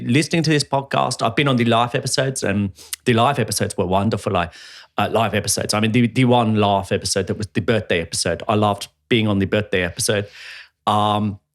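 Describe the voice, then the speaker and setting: A man's voice: on the low side, steady tone, brisk, voice pushed down, natural voice. A man doing a wobbly fake South African accent. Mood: gushing. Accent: South African, poorly imitated. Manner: rambling and overly polite.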